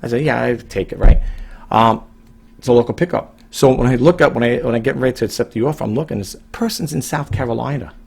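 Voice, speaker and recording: Man, middle-aged, from New York, rambling emphatic monologue, raspy voice. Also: medium pitch, fast talker, darkish tone. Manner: rambling, repeats and restarts, emphatic. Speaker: online reseller vlogger. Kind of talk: casual monologue to camera.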